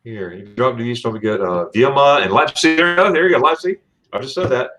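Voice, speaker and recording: A man's voice: mid-range voice, expressive, fast talker, pushed and bright. A man from Florida hosting a casual livestream, reading out viewer comments in a rambling, chatty way with plenty of fillers and restarts. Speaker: livestream host.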